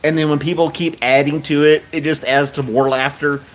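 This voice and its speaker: A man's voice: a little high, little pitch movement, a little fast, slight background noise. A man hosting a livestream, chatting casually and reading viewer comments while laughing hard and often. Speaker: livestream host.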